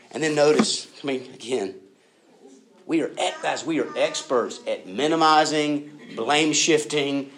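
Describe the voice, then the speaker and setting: A man preaching a sermon in a conversational way, talking to his listeners directly and acting out quoted voices with big jumps in pitch. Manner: conversational, addresses listeners as guys and y'all.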